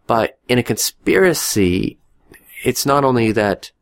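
A man's voice: medium pitch, animated, measured pace. A man co-hosting a casual podcast, talking through movie recommendations in a rambling way with restarts and dry jokes. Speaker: podcast co-host. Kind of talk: casual chat about movies.

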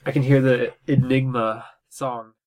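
A man's voice: mid-range voice, level tone, a little slow, a crowd in the background. A man with a stuffed-up nose playing a tabletop role-playing game, laid-back and drowsy. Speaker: player.

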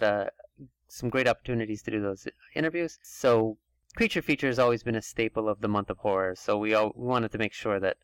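A man's voice: mid-range voice, a bit bright, smooth, no echo. A man hosting a casual podcast chat, talking things through at length in long run-on stretches. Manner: chatty, thinks aloud in long run-on stretches. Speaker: podcast host.

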